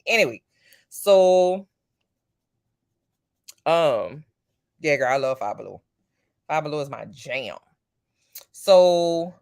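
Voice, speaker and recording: A vlogger and parent in casual chat to the camera, slangy and chatty, jumping up high in pitch for emphasis.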